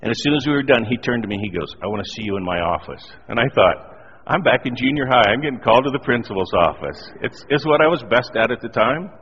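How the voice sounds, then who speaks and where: Husky preacher telling a story in a hall. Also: male voice, medium pitch, quick pace. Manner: animated storyteller, self-deprecating humor. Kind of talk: sermon with personal story. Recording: dull lo-fi audio in a reverberant hall.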